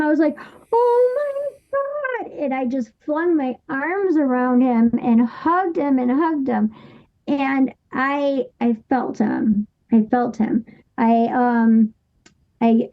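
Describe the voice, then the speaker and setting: A woman in her thirties recounts a personal story as an interview guest, her voice high and her pace slow and drawn out. She talks haltingly, stopping and restarting often. The recording sounds dull and lo-fi. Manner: halting, with many restarts and fillers.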